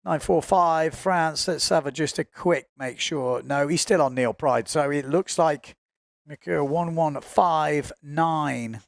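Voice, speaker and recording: A man's voice: fairly high pitch, measured pace, gravelly, few pauses, no room sound, clean studio sound. A man giving chatty, informal live commentary on a windsurfing race, often correcting himself as he goes.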